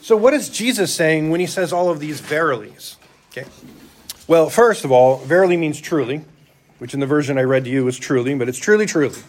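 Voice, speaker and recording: Chatty male preacher, slightly high voice. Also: animated, brisk. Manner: conversational, rhetorical questions. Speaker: church elder preaching. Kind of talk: sermon.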